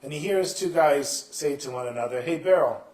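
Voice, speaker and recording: A man telling Hasidic stories to a live festival audience with a somewhat high voice. He switches into the characters and sometimes bursts into shouted lines. The sound carries a roomy echo. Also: normal speed. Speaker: storyteller.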